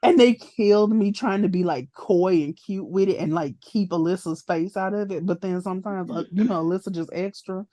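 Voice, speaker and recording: A woman co-hosting a podcast, chatting casually about a TV episode as an animated, playful storyteller who laughs often. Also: mid-range voice, fairly quick, hardly any pauses, no room sound. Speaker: podcast co-host.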